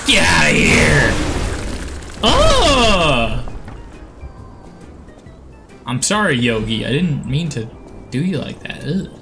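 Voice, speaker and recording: A man giving gameplay commentary, excitable, yelping and swearing at the game. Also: a little high, slow pace, creaky, long pauses, music in the background. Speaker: gaming channel host.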